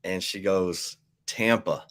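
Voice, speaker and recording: Relaxed man hosting sports talk. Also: sits low, slow pace. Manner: relaxed, laughs along, asks questions. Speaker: sports radio host.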